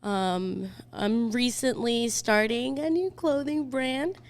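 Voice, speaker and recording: Chatty young woman, high voice. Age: 20s. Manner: chatty, quick storytelling with many fillers. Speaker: podcast guest. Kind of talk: casual chat.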